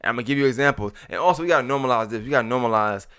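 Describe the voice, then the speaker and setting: A man's voice: medium pitch, very fast, fairly bright tone, clean tone. A man in his thirties, co-hosting a casual podcast chat, blunt and repeating himself as he builds his point. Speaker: podcast co-host.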